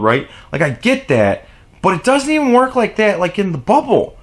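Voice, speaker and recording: A man's voice: fairly high pitch, animated, normal speed. A man delivering an exasperated, profane opinion rant on his vlog, with sarcastic asides. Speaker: vlogger.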